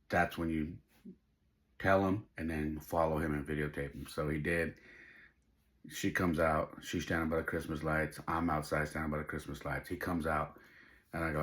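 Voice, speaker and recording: A man's voice: a bass voice, flat delivery, fairly quick, a bit bright. A middle-aged man hosting a podcast, telling a personal story in an emotional, tearful way while crying. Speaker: podcast host.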